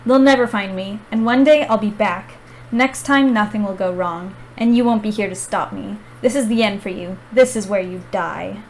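A woman reading aloud as a furious male villain, in a loud, ranting read. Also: mid-range voice, moderate pace, a little hiss or hum, natural voice, poor audio. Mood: gloating.

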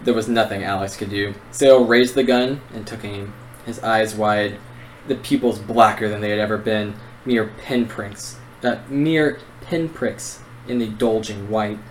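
A man's voice: lowish voice, steady tone, a little slow, slight background noise, rough recording. A young man co-hosting a book podcast, reading narration aloud and chatting eagerly. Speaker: podcast co-host. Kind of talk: reading narration and casual chat.

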